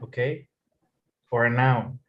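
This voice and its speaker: A man's voice: mid-range voice, takes it slowly, muffled recording. A man teaching an English lesson, patiently repeating phrases and explaining rising intonation. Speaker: English tutor.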